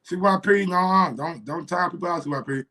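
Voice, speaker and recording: A man's voice: high-pitched, a little fast, sharp tone. Frustrated cursing livestream host, man. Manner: frustrated, profane, repeats himself. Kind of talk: casual livestream chat.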